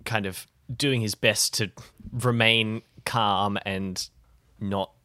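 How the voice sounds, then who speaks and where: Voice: medium pitch, fairly even intonation, slow pace, bright, forceful tone, no echo. A player in a tabletop game, describing their character's actions in a thoughtful, hesitant way. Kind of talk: tabletop role-play.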